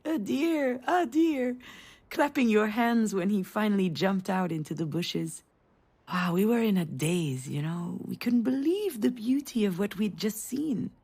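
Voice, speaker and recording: A woman's voice: mid-range voice, breathy edge. A tender storytelling mother. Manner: warm storytelling, rising to excited cries. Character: tender mother remembering a family trip. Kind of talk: video game voice acting.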